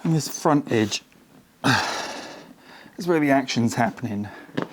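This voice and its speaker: In his home garage, a man who restores cars on his vlog talks to himself and the camera while working, wry and self-deprecating, muttering with effort. The voice is mid-range, animated and unhurried, with a slight hiss or hum.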